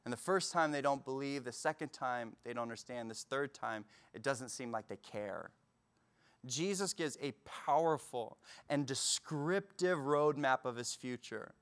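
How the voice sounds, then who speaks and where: A man preaching a sermon in a relaxed, conversational way, acting out quotes with bursts of energy. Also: medium pitch, a little slow, clean tone. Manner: conversational, animated retelling with acted-out quotes. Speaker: pastor.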